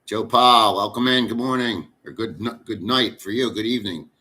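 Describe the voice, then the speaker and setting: A middle-aged man talks loosely to his live chat from his home in the Philippines. His voice is bright and forceful, and he rambles bluntly with plenty of swearing. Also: on the low side, moderate pace. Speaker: livestream host. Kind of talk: casual live chat with viewers.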